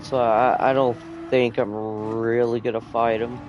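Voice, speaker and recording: A man driving a race car and chatting in a relaxed, joking way with his team. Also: mid-range voice, a little slow, lo-fi sound, slight background noise. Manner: easygoing, joking. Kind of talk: casual chat while driving.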